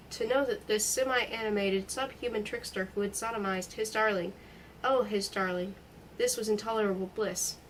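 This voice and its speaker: A woman reading a novel aloud in a steady, expressive way. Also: a little high, a little hiss or hum, poor audio. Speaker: reader.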